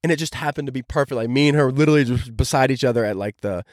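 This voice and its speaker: A young man hosts his own podcast and tells a long story in an eager, casual rush, with "like" dropped into almost every phrase. His voice sits at an ordinary middle pitch. The sound is dry and close, with no room echo. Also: rapid-fire. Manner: enthusiastic, heavy use of "like" fillers. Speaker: podcast host.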